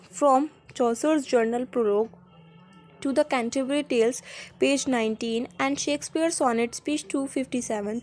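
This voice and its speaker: A woman reading a poetry textbook aloud, pausing over page numbers and titles. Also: fairly high pitch, a little mellow. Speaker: student reader.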